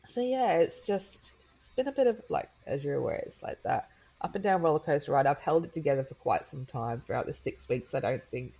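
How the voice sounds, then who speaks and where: A woman in her thirties, a podcast guest, tells a personal story in a chatty way, full of fillers and laughs, often raising her voice to quote her young daughter. Her voice is deep and a little fast, with lively intonation and a dark tone, on a lo-fi recording.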